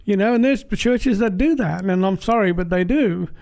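Aussie bloke telling his testimony, fairly high voice, mellow, halting and earnest. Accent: Australian. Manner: plain-spoken, halting, earnest. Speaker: speaker giving a church testimony. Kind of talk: personal testimony.

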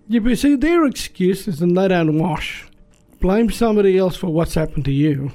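A middle-aged Australian evangelist man tells his own story in earnest and acts out each exchange as he goes. His voice sits high and sounds mellow and soft-edged. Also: expressive, normal speed. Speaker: Aboriginal evangelist. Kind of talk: personal testimony.

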